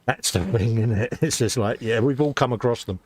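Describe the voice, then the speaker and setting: A man's voice: medium pitch, brisk. A laid-back British man co-hosting a live painting stream, mostly giving short replies and laughing along. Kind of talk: casual chat while painting.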